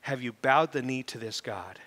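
A middle-aged man preaching a sermon as pastor, animated and building to loud emphatic peaks. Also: medium pitch, moderate pace. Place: church sanctuary. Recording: reverberant church hall.

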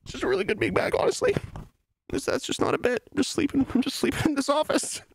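In a very high, gravelly voice, a male streamer talks fast and animatedly through a self-pitying, mock-sorrowful comic bit in casual stream chat, slipping into laughs. He sits on a beanbag in his office. A little hiss or hum is audible.

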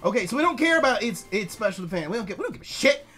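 A man commentating his video game run, swearing, swinging between yelling and muttering calculations, his voice strained from shouting. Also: high-pitched, very animated, rapid-fire, faint music behind. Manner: swears a lot. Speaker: gaming YouTuber. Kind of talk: let's play commentary.

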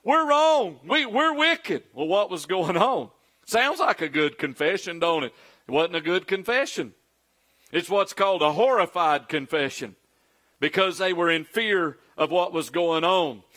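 A man's voice: fairly high pitch, animated, normal speed, fairly bright tone. A middle-aged man preaching a sermon as pastor, acting out quoted pleas in a raised, pleading voice.

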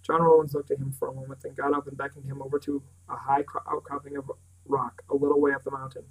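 Man, audiobook narration, steady, flat delivery, distant mic. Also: mid-range voice, fast, slightly rough. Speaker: reader.

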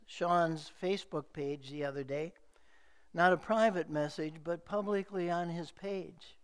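A middle-aged male pastor delivering a sermon in a slow, measured preaching manner with emphatic repeated phrases. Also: sits high, clean tone.

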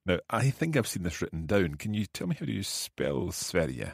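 Deep Scottish man, husky and lively. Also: no room sound, studio quality. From Scotland. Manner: repeats phrases slowly and carefully, laughs easily. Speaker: podcast host and language learner. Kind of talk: conversational language lesson.

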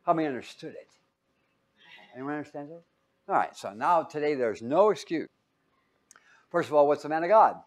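A man's voice: a little high, a little fast, pauses often. A man teaching a Bible lesson as a sermon, joking and quizzing his listeners. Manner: jokey, asks the audience questions; lively, swings between loud and quiet.

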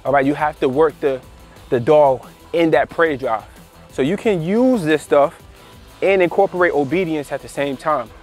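A man's voice: fairly high pitch, normal speed, darkish tone, faint music behind. A man working as a dog trainer, talking casually to the camera while training his dog, repeating phrases and tagging on "all right" and "you know" as he goes. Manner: gives short commands to his dog. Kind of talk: casual instructional talk to camera.

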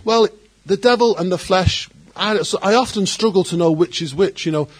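A man preaches with a fairly high, husky voice. He is animated and breaks into quoted voices as he speaks. His delivery is laced with joking asides. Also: a little fast, few pauses. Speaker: pastor. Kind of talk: sermon.

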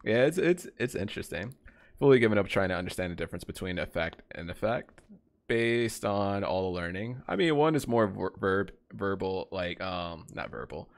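A man's voice: deep voice, lively intonation, normal speed, vocal fry. A young man live-streaming a game, chatting casually and rambling to his viewers, greeting them by name.

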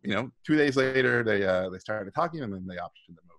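Animated middle-aged man telling stories. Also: lowish voice, quick pace. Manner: animated, acts out quoted voices, swears freely. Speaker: guest speaker. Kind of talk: casual storytelling on a live video talk. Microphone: video call.

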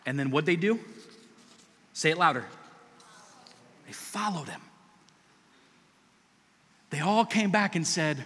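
Animated high-voiced preacher man. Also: slow, long pauses, husky, long reverb tail. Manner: animated, conversational preaching with asides to the congregation. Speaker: pastor. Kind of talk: sermon.

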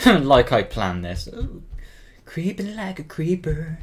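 A man's voice: mid-range voice, very animated, a little slow. A teenage boy from Cornwall giving casual, flustered gameplay commentary, swearing often and yelping when scared. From Cornwall, England. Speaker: gaming channel host.

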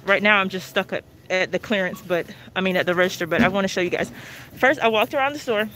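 A woman's voice: mid-range voice, quick pace, bright, forceful tone. Chatty woman vlogging live in a store. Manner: chatty, addresses viewers as y'all. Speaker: couponing vlogger. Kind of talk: live shopping vlog. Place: inside a discount store. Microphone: phone held while walking. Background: faint store noise.

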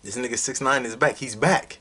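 Guy doing a hype reaction vid, husky voice, loud and slangy, cusses a lot. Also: medium pitch, fairly quick. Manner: loud, excitable, heavy swearing, street slang. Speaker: music video reactor. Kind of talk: casual reaction vlog.

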